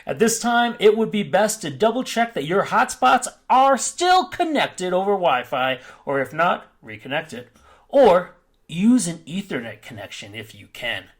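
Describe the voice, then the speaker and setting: Guy doing a prim support-desk rep voice, pitched way up, reading a notice kinda formal. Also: sing-song, unhurried. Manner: prim, formal, read-aloud. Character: polite, formal male customer support rep.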